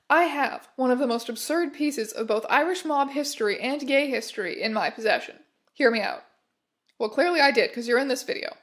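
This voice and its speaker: Woman reading out fan posts, kinda high voice, dry sarcastic comments in between. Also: a little fast. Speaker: host reading viewer submissions. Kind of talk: casual commentary reading submissions.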